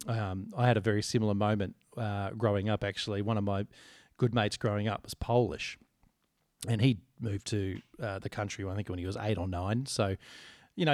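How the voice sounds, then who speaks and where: A man with an Australian accent co-hosting a podcast, chatting in a relaxed, rambling way with dry humour. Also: on the low side, no room sound. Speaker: podcast co-host. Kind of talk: casual chat.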